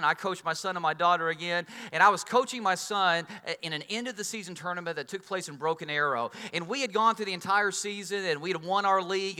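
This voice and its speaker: Animated high-voiced male preacher in a hall. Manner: animated storytelling, swings between loud and soft. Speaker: pastor. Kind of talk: sermon.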